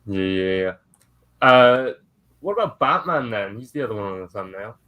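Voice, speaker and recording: A man with a fairly low voice co-hosts a casual chat show. He talks in an eager, easygoing way, like a keen collector. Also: very animated, normal speed, lo-fi sound. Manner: enthusiastic, self-described toy nerd. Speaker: co-host.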